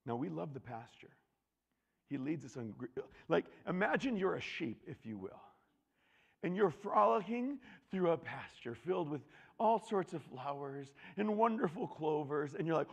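A man preaching a sermon, animated and swinging from loud declarations to hushed asides. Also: a little high, moderate pace, vocal fry, husky, long reverb tail, dull audio.

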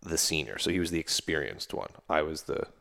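Deep-voiced man telling war stories. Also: expressive, fairly quick, gravelly, a bit bright. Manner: loose and rambling, many fillers and restarts. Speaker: podcast guest, army veteran. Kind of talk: casual conversational storytelling.

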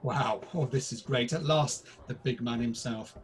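Measured in pace and medium in pitch, a British man co-hosts a comedy podcast. He delivers scripted pub banter that is crude and mock-formal, in a theatrical style.

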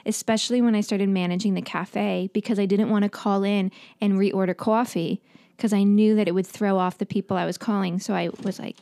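A woman from New York in her late twenties, talking quickly and teasing as she tells stories in a casual chat. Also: medium pitch, steady tone, dark tone. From New York, USA.

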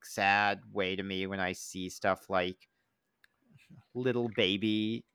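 A man's voice: sits low, slow pace, smooth, no room sound. A man co-hosting a comedy podcast, chatting casually and jokily, often trailing off and restarting mid-sentence. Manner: animated, jokey, trails off and restarts. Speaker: podcast host.

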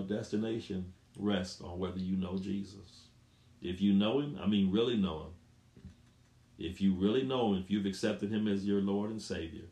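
A man with a low voice preaches an emphatic sermon. He repeats his phrases for weight and rises loud when he reads scripture. The sound rings with a roomy echo.

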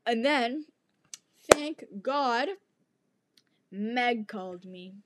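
Animated young woman telling a story. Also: on the high side, very slow, very noisy. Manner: animated, dramatic storyteller who addresses listeners. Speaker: podcast host. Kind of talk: casual storytelling podcast.

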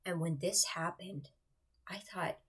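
A woman's voice: on the low side, fairly even intonation, slow pace, breathy edge. A woman telling viewers an earnest personal faith testimony in a confiding way, often dropping to a whisper. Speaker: churchgoer sharing a faith testimony.

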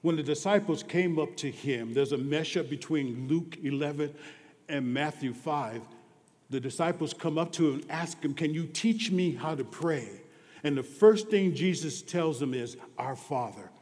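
A man preaching a sermon who drops to hushed near-whispers on some lines and rises to loud, emphatic declarations on others. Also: a little high, normal speed, in a large hall.

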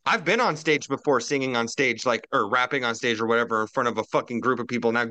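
A man's voice: mid-range voice, fast, sharp tone, no room sound. A man on a casual roundtable podcast, ranting profanely and animatedly while drinking.

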